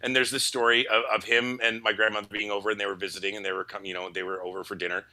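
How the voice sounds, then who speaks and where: A man from Canada, a voice actor guest, telling stories in a casual interview, playful and quick to slip into voices. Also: fairly low pitch. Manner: animated, playful, breaks into voices.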